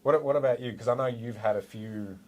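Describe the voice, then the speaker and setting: Aussie guy spinning a yarn, ex-cop, acts out the quotes, mid-pitched. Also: a little fast, a little mellow, dull audio, a little hiss or hum. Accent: Australian. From Australia. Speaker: podcast co-host, former police officer. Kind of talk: casual storytelling chat.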